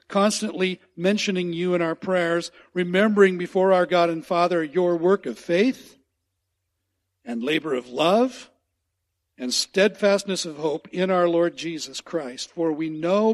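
Male pastor, high-pitched, earnest sermon delivery that repeats key lines for weight. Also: unhurried. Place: church sanctuary.

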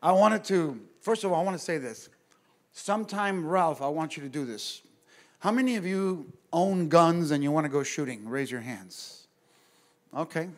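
A male pastor telling a story in a casual, animated way to a men's group at church, talking straight to his listeners. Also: a little high, normal speed. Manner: animated, conversational, addresses the audience directly. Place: church gathering room.

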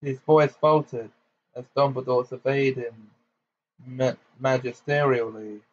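A man reading a novel aloud in plain, steady narration with small slips. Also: medium pitch, measured pace. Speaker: audiobook reader. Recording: slightly muffled home recording.

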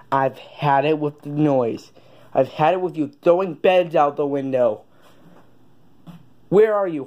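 A hot-tempered redneck father, as a puppet-skit performer puts him on, drawling and gruff. He curses and threatens in a slow, dragging delivery, always on the edge of blowing up. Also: medium pitch, darkish tone, lo-fi sound, pitched below the performer's own voice, close to an everyday voice. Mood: fed up. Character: cranky, foul-mouthed redneck father. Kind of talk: comedic puppet-skit voice acting.

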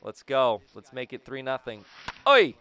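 Hyped young man, bright crisp voice. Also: mid-range voice, normal speed. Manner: hyped, talks to himself and the game. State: slightly raspy throat. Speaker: gaming video host. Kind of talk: excited gameplay commentary.

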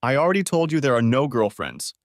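A man's voice: medium pitch, sing-song, a little fast, no echo, studio quality. A male narrator voicing a resentful husband who talks in an exasperated, defensive way.

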